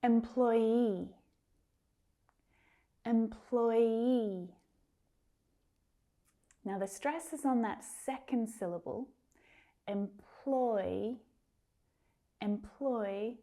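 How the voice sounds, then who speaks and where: A woman teaching English pronunciation, saying words slowly and carefully with drawn-out enunciation, then using them in example sentences. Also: mid-range voice, dark tone. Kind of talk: pronunciation lesson.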